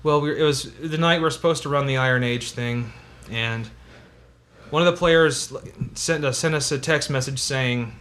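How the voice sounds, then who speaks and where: A man co-hosting a casual tabletop gaming podcast, telling an animated, sarcastic story about a late player. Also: medium pitch, normal speed. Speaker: podcast co-host.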